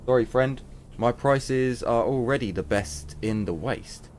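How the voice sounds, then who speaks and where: A man's voice: mid-range voice, unhurried, darkish tone, a little hiss or hum, close to an everyday voice. A man reading as a confident weapons trader. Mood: salesy.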